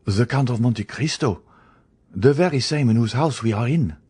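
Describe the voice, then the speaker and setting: A man's voice: medium pitch, lively intonation, moderate pace, darkish tone, breathy edge. A man voicing a sly, frightened former galley convict who pleads and evades. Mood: pleading. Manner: pleading, evasive.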